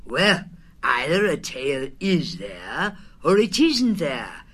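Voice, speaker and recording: A woman voicing a gloomy old gray male donkey in a storybook reading, talking slowly and mournfully. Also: deep voice, sing-song, fairly bright tone, husky, heavily acted. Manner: slow, mournful, sighing.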